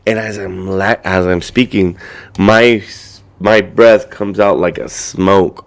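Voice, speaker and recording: A man co-hosting a podcast, telling a scary story in a casual, animated way, swearing and acting out what others said. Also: deep voice, slow. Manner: animated storyteller, swears a lot, acts out quotes. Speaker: podcast co-host.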